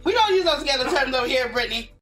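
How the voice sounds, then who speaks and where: A woman co-host chatting, animated and full of acted-out quotes and sound effects. Her voice sits a little higher than most women's. She keeps the talk casual and playful. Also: racing, a crowd in the background. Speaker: podcast co-host. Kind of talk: casual chat.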